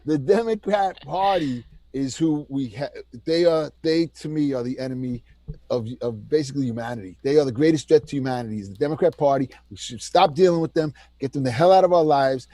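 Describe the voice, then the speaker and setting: A man co-hosting a heated political chat, talking in an animated, mocking, ranting way. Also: mid-range voice, a little fast, no room sound. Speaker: co-host.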